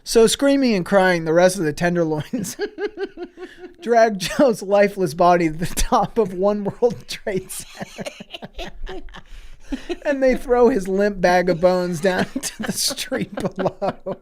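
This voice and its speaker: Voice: mid-range voice, darkish tone. A podcast co-host telling an improvised crude comedy story, giggling often. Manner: crude, giggling, unhurried riffing.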